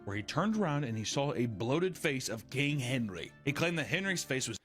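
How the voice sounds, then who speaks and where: A man's voice: mid-range voice, big pitch swings, moderate pace, a bit bright. Man reading a ghost story over music. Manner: storytelling, chatty asides. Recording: music playing behind.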